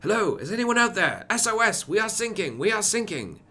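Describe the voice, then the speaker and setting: A man's voice: high voice, very animated, a little fast, pushed and bright, pitched above the performer's own voice, exaggerated voice. A man putting on the voice of a panicked British sailor sending a distress call from a sinking ship.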